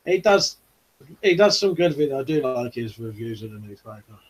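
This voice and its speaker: A YouTube channel host from the United Kingdom rambles through a casual live-stream chat, reading viewer comments in an easygoing way and filling his speech with phrases like "you know." His husky voice is medium in pitch and sing-song, his pace moderate, and the recording rough.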